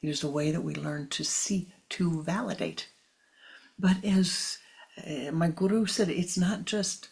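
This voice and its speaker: A spiritual teacher giving a slow, meditative talk, often repeating phrases and dropping into soft, whispery stretches. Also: medium pitch, vocal fry.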